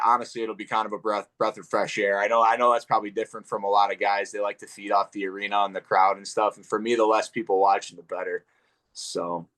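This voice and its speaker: A young man with a fairly low voice chats loosely as an interview guest. He rambles in a relaxed way, full of fillers and casual swearing. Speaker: guest fighter.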